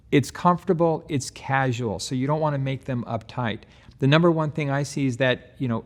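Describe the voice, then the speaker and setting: Middle-aged man, sales trainer, casual coaching talk, relaxed, mid-pitched voice, acts out customer dialogue.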